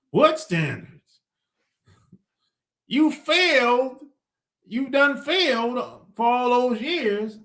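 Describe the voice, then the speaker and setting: A man's voice: very high voice, bright, forceful tone. A man hosting a podcast, talking in a blunt, slangy, rambling monologue and laughing often between lines. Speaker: podcast host. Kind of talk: casual monologue.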